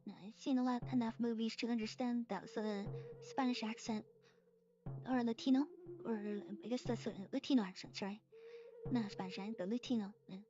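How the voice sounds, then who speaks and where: A woman streamer reacting live, a touch high in pitch, giggling and rambling as she corrects herself. Her audio is slightly muffled, and music plays clearly behind her. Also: fairly even intonation, fairly quick.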